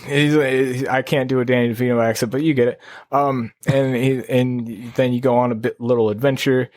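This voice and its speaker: A man co-hosting a podcast in casual chat, low-key and laid-back, rambling through stories with a tired edge. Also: level tone, normal speed, a little mellow, no room sound. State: sleepy. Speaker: podcast co-host.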